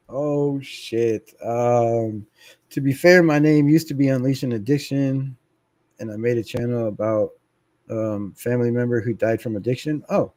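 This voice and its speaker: A middle-aged man hosts a sports fan channel livestream, laid-back and casual, reading viewer comments aloud, laughing often and swearing freely. His mid-range voice is dark and steady, delivered at a measured pace with no echo.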